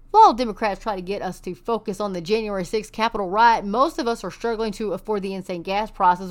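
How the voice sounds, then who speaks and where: A woman from Texas reads news articles aloud for her commentary show, her voice sitting in the middle of the usual range. She breaks in with sarcastic, scoffing asides between the quoted passages. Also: medium pitch. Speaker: online commentary host.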